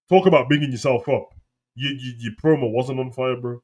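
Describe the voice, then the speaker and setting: A young man giving casual, mocking live reaction commentary, swearing often and quoting lines in put-on high voices. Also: moderate pace. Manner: mocking, profane, jumps into high mimicking voices. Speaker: wrestling reaction host.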